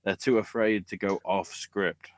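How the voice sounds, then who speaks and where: A man hosting a wrestling podcast, talking casually with sarcasm and swearing, and acting out quotes in loud bursts. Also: deep voice, fairly even intonation, unhurried, no echo.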